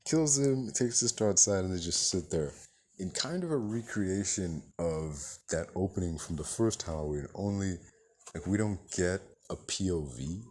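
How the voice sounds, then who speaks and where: A man's voice: low voice, lively intonation, normal speed, darkish tone. A man giving a rambling, profane spoken movie review and acting out characters' lines as he goes.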